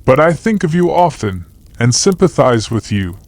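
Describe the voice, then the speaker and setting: A man's voice: medium pitch, very animated, moderate pace, dry recording, voice pushed up. A man voicing a cheeky young schoolboy who chatters through a letter full of postscripts, in an audiobook. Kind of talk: audiobook character voice.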